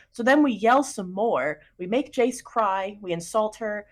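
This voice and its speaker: A woman recaps a tabletop game session, chatty and quick, with frequent giggles. Her voice sits at an ordinary middle pitch. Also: animated. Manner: fast, chatty, giggly storytelling.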